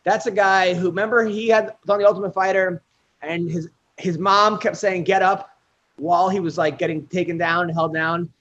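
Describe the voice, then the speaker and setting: Podcast host, somewhat high male voice, rambling rundown, dull lo-fi sound. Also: steady tone, a little fast, fairly bright tone. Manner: rambling fight rundown with fillers. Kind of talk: casual podcast chat.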